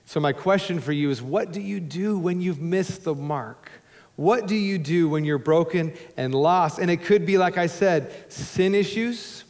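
A male pastor preaching a sermon to a congregation, emphatic and conversational with joking asides, swinging between loud urging and hushed low tones. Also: measured pace. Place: church sanctuary before a congregation. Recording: long hall reverb in a church.

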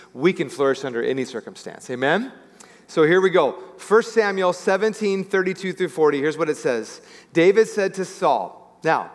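A man preaching a sermon as pastor, telling a Bible story with lively acted-out voices. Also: a little high, in a large hall. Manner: animated storytelling, acting out biblical characters.

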